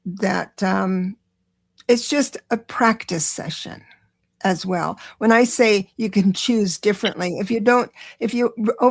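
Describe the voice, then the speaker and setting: A woman hosting a live-stream tarot reading, chatty and encouraging, talking quickly with many restarts. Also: medium pitch, gravelly. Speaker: tarot reader and show host.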